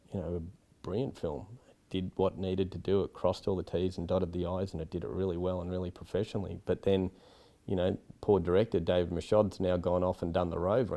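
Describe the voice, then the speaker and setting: An Australian film director with a low, warm voice answers interview questions frankly. His replies ramble with many asides and lots of "you know."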